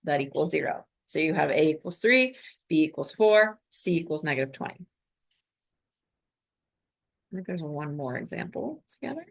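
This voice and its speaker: A woman's voice: sits low, very animated, moderate pace, vocal fry, pauses often. A woman math teacher recording a lesson, talking students through each step in an upbeat, coaching way.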